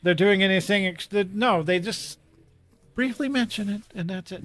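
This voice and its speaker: A man co-hosting a casual book discussion podcast, retelling the story in a quick, joking way. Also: high voice, a bit bright, faint music behind. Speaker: podcast co-host.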